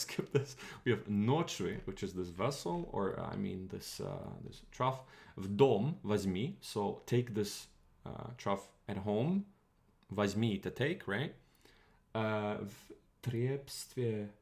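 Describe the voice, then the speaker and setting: Young male streamer, low and gravelly, slow, halting, thinks out loud. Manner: thinking aloud, halting, reads words out slowly, asks the chat. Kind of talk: casual livestream, translating an old text.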